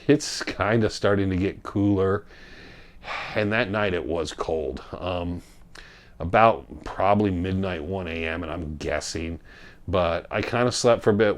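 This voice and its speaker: Low-voiced male storyteller, casual and rambling, with frequent self-corrections. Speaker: storyteller recounting a backcountry trip.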